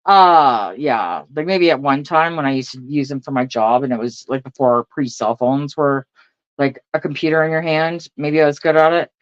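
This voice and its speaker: A woman's voice: deep voice, moderate pace, no room sound, lo-fi sound. A middle-aged woman, ranting casually and profanely to her viewers, laughing often between lines. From Canada. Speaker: vlogger.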